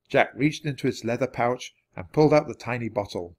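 A man narrating a children's audiobook in an expressive reading voice. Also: fairly quick. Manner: expressive, varied pitch. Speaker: audiobook reader.

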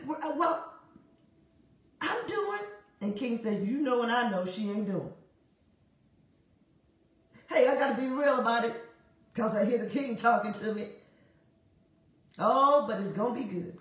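A woman delivering a prophetic word on a prayer broadcast, animated and laughing often, repeating phrases in a rhythmic preaching cadence. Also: a little high, very echoey, recorded from a distance. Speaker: prophetic minister.

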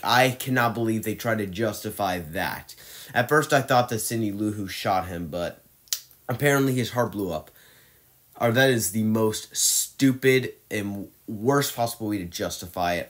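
Ranting man reviewing movies, lower voice. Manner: ranting and exasperated, with frequent restarts and fillers. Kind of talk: opinionated movie ranking monologue.

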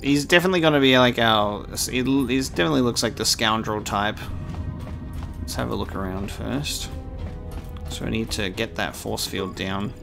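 A man giving relaxed, chatty commentary while playing a video game and reading his dialogue choices aloud. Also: on the low side, normal speed, creaky. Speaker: gaming YouTuber. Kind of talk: casual gameplay commentary. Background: game music.

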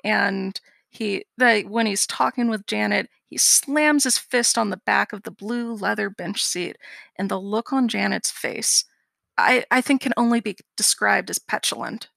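A woman's voice: medium pitch, unhurried, creaky, a bit bright, no echo. A young woman co-hosting a casual podcast, dry and sarcastic, swearing often. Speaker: podcast co-host. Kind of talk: casual chat.

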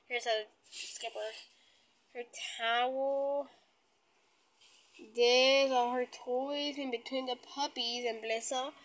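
A woman's voice: high voice, a bit bright, slight background noise, poor audio. A woman voicing Barbie, a caring but bossy big-sister doll in a doll play video, speaking in a fussy, bossy way.

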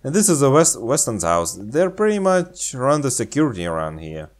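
A man's voice: medium pitch, huge pitch swings, moderate pace, pitched above the performer's own voice. A man voicing a friendly young girl neighbor in a game, reading her lines in a raised, girlish voice. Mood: guide-like. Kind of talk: reading game dialogue aloud.

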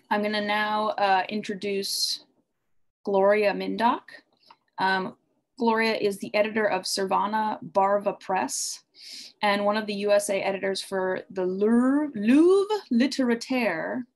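A woman acting as MC at a livestreamed reading, introducing poets with a few halting fillers. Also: medium pitch, fairly even intonation. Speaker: guest MC. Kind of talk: introducing readers. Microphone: livestream home mic.

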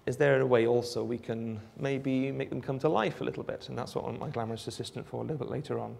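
A Welsh man giving a live demonstration of a phone app, explaining in a relaxed way with frequent ums. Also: medium pitch, fast talker, creaky. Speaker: app developer giving a presentation. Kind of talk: live product demo talk.

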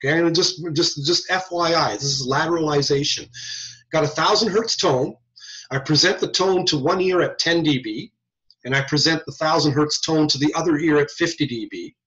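A man's voice: fairly high pitch, moderate pace, a bit bright. A man lecturing a class on hearing tests, asking his students rhetorical questions. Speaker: audiology lecturer. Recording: muffled lo-fi lecture recording.

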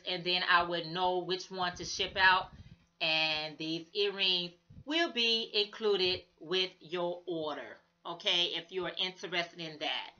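A chatty woman shows off her crochet work in a relaxed vlog, calling viewers "y'all" and gushing over each piece. Her voice is bright and forward but unhurried, with a slightly worn edge. The recording sounds a bit dull and lo-fi. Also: medium pitch. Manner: chatty, enthusiastic, addresses viewers as "guys" and "y'all". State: losing her voice. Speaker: crochet channel host. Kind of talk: casual show-and-tell vlog.

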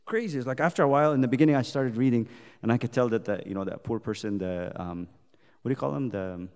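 A man's voice: mid-range voice, fast talker. A man leading a youth Bible study, talking casually and then voicing scripture with force. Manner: conversational, animated, voices God's words emphatically. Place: church hall. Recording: long hall reverb.

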